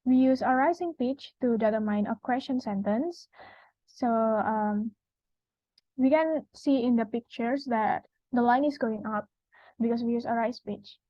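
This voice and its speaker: Young Indonesian woman presenting, slightly high voice. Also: measured pace, mellow, no room sound. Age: young adult. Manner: explains step by step with frequent uh fillers. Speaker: student presenter. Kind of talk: class presentation. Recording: dry, dull lo-fi recording.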